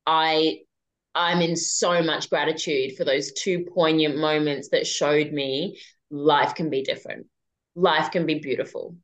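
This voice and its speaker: Rich: A woman with a lowish voice talks through a personal story as a podcast guest. Her delivery is casual and animated, full of fillers and the odd swear word. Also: unhurried, low-quality recording.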